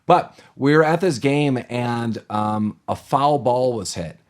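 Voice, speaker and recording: A man's voice: mid-range voice, takes it slowly. A man co-hosting a podcast, chatting casually and rambling through a movie recap, with fillers and voices for the people he quotes. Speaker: podcast co-host.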